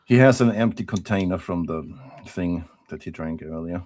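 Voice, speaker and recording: A man's voice: sits low, normal speed, a little mellow. A man playing in a tabletop game, describing his character's actions plainly. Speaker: player. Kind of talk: casual tabletop play.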